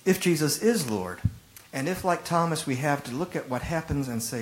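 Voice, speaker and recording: A man preaching a sermon as a pastor, retelling stories with lively emphasis and acted-out quotes. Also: a little high, normal speed, a little hiss or hum, rough recording. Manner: animated storytelling, acting out rhetorical quotes.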